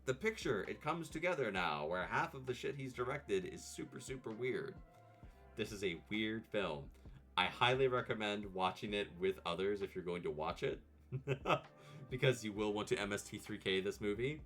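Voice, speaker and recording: A man hosting a casual vtuber video, rambling and animated, laughing and jumping into high mock voices as he talks. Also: normal speed, faint music behind. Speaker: vtuber host.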